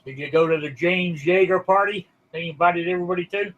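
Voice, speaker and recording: A man co-hosting on a call, chatting casually and asking quick questions. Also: sits high, fairly bright tone, dull audio. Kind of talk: casual chat.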